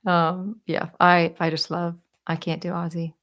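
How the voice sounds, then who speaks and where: A young American woman chatting casually to her viewers while answering their questions, animated and giggly, rambling from one thought to the next. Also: fairly low pitch, takes it slowly, pauses often. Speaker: YouTuber.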